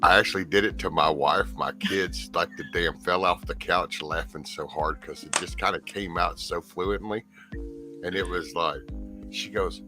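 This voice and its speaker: A man's voice: sits low, moderate pace, over music. A man co-hosting a casual chat, rambling through stories and acting out what others said.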